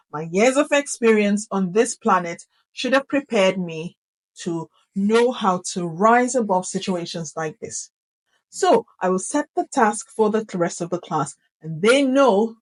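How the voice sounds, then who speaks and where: A middle-aged woman teacher talks to camera about keeping order in a classroom, her voice sitting at an ordinary middle pitch. She is animated and emphatic, leaning hard on key words and repeating short phrases to drive each point home. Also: low-quality recording. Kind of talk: instructional talk to camera.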